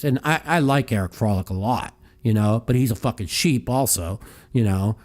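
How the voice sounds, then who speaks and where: A man's voice: medium pitch, moderate pace. A man hosts a casual call-in podcast in a heated, profane style. He rambles, repeats himself and trips over his own starts as he talks. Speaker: podcast host. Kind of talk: casual call-in chat and rant.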